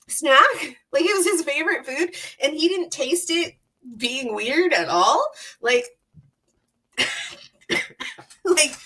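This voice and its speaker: A woman's voice: sits high, a bit bright, recorded from a distance. A woman hosting a podcast, retelling myths in a rambling, profane, laugh-filled casual style. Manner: profane, rambling, laughs often, heavy use of 'like'. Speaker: podcast host. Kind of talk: casual comedic storytelling.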